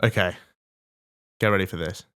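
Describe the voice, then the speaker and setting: A man's voice: low voice, steady tone, moderate pace, fairly bright tone, smooth. A man co-hosting a podcast, bragging and joking crudely in casual banter. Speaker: podcast co-host.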